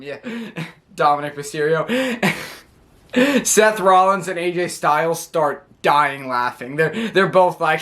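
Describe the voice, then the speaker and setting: Man, slightly high voice, casual vlog recap, rambling, stumbles on words, laughs a lot. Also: measured pace, a bit bright. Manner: rambling, stammering, laughing often. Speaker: wrestling show reviewer.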